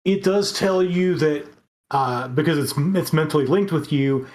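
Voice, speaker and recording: A game master narrating a tabletop game, halting with many fillers. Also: mid-range voice, a little mellow.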